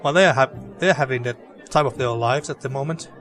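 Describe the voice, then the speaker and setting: A man talks through his let's play in a chatty, joking way and trips over his own sentences as he goes. His voice sits at an ordinary middle pitch. Faint game music hums in the background. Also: fairly quick, fairly bright tone. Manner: chatty, joking, frequent restarts. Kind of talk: casual gameplay commentary.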